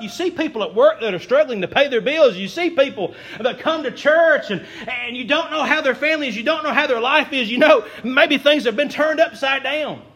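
A man's voice: extremely high pitch, fairly bright tone. A young man preaching a sermon as a pastor, folksy, earnest and self-deprecating.

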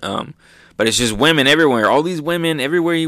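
A man hosting a casual manga recap, talking excitedly with lots of fillers and little bursts of hype. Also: fairly high pitch, quick pace, no echo. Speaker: manga review host.

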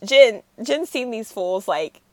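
A woman retells a show's plot in an animated, chatty way, slipping into the characters' voices as she goes. Her pitch swings widely. The sound is dry and close. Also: slow, no room sound. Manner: animated storyteller, acts out characters' lines, laughs often. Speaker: podcast co-host recapping a series. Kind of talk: casual chat.

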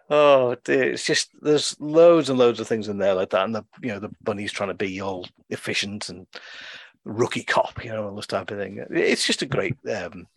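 A man's voice: on the low side, normal speed, no echo. A man hosting a podcast, chatting casually about films with lots of fillers and restarts. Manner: rambling, with many fillers and restarts. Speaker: podcast host. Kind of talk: casual film chat.

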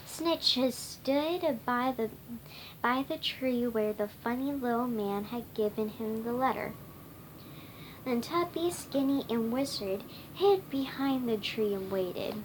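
High-pitched woman reading a kids' book aloud, stumbles and restarts a lot, faint noise behind. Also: expressive, poor audio. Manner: halting, stumbling reading with many restarts and self-corrections. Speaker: reader. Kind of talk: reading a children's storybook aloud.

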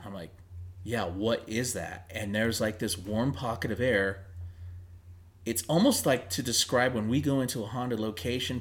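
A man on a paranormal investigation team, casually telling a story about a night in the mountains and acting out what was said. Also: medium pitch. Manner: conversational, many fillers, acts out quoted lines.

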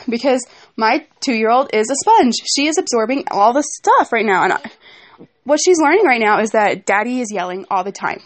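Frustrated young mom venting, fairly high voice. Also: female voice, expressive, moderate pace. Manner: frustrated rambling storytelling with asides to her kids. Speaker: vlogger. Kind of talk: venting personal vlog.

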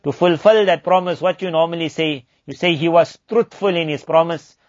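A man giving a religious lesson, chanting verses rapidly and then explaining them slowly. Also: on the high side, dry recording. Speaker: Islamic teacher. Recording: dull lo-fi recording, dry.

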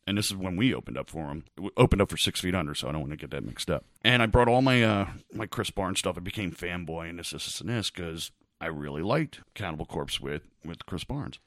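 A man's voice: low-pitched, fast talker, few pauses, dry recording, studio quality. A man co-hosting a podcast, chatting casually and acting out the people he quotes as he tells a story. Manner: animated storyteller, acts out quotes. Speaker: podcast co-host. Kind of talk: casual chat.

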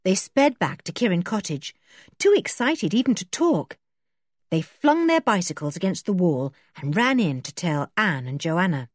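A woman reading a storybook aloud as narrator in an expressive, lively way. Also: lowish voice, measured pace, no echo, studio quality. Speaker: audiobook reader.

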